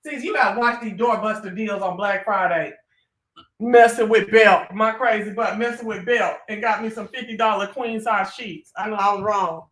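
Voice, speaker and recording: A live-stream host chatting casually with viewers, animated and swearing freely, talking into a phone. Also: medium pitch, moderate pace, few pauses.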